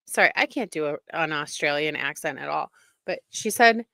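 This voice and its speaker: A woman's voice: lowish voice, normal speed, pushed and bright, no echo. A woman hosting a casual commentary show, talking in an indignant, emphatic way. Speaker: commentary host.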